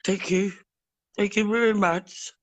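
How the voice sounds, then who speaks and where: A middle-aged woman answering a medium's questions in brief, soft-spoken replies. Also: medium pitch, steady tone, measured pace. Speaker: sitter in a reading.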